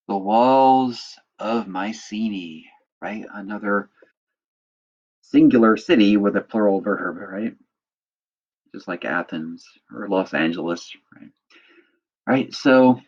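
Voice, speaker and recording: A man's voice: fairly low pitch, slow, pauses often, lo-fi sound. A man teaching a lecture, explaining step by step and checking in with students by asking "right?" again and again. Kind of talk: recorded lecture walking through a text.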